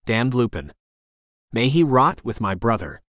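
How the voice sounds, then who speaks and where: A bitter, brooding killer in his middle years, as a male narrator reads him. The delivery has a lively pitch and a dry, close sound. The audiobook reading is grim and resentful. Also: a little slow, dry recording.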